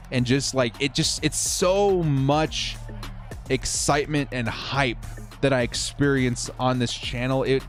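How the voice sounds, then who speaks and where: A young man hosting a live stream, calling a football video game and chatting with viewers in a casual, upbeat way, laughing often and repeating words. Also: mid-range voice. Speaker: streamer and host of a football simulation channel. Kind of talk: live stream game commentary with chat replies.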